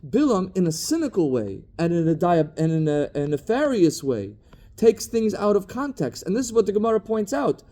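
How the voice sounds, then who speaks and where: A man gives a Talmud study lecture in a very mellow, dark voice that sits a bit high. He reads Hebrew and Aramaic phrases and translates each one, pausing thoughtfully as he hunts for his words. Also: big pitch swings. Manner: thoughtful, searching for words mid-sentence. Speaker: Torah teacher.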